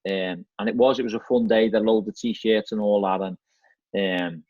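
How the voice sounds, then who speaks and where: A middle-aged Scouse man, a football manager, tells stories as a guest in a casual chat, chatty and repetitive, often saying "mate" and "you know what I mean". His voice is lowish, steady, mellow, and at normal speed. There is no echo, and the audio is dry, lo-fi, and slightly dull.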